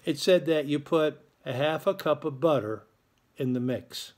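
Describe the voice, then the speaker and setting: A man's voice: on the high side, a little slow. A man hosting a school morning show, giving casual announcements in a chatty, joking way. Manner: chatty, playful, joking with listeners.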